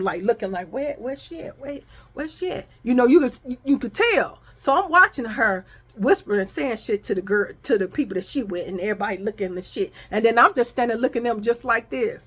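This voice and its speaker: Woman vlogger with a higher voice, telling a lively, profane story and acting out arguments. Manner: animated, profane, acts out quoted arguments. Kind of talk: casual storytelling to viewers.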